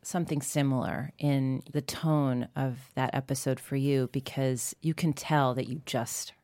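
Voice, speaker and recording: A woman in her forties interviewing a guest in a thoughtful, measured way. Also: extremely low pitch, steady tone, warm tone, no echo, studio quality. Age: 40s. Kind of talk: conversational interview.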